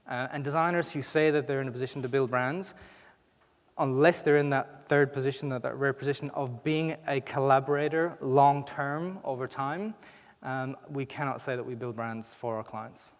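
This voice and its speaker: A man with an Irish accent giving a conversational conference talk, often restarting his sentences. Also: medium pitch. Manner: conversational, frequent restarts and fillers. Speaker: conference speaker. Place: conference hall. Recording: reverberant hall.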